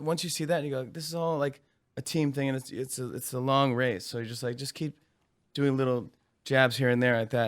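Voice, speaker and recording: A man in his forties, a comedian guest in an interview, telling animated stories, acting out voices and laughing often. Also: mid-range voice. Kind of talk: casual interview chat.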